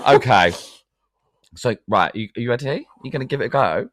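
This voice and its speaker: A man's voice: medium pitch, huge pitch swings, unhurried, fairly bright tone, no echo, clean studio sound. A man co-hosting a podcast and running a game, chatting casually with lots of swearing and laughter. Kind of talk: casual chat.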